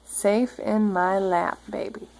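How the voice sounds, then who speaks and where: A mother at home reading a picture book aloud to her toddler, gently coaxing and prompting the child along. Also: mid-range voice, steady tone, slow, creaky, low-quality recording.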